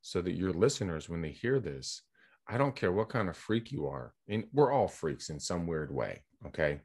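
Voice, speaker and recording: Energetic, chatty middle-aged man. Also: deep voice, normal speed, breathy edge. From California. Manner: energetic, chatty, rambling anecdotes with quoted dialogue. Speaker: guest, real estate agent and coach. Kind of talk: casual storytelling in a podcast interview.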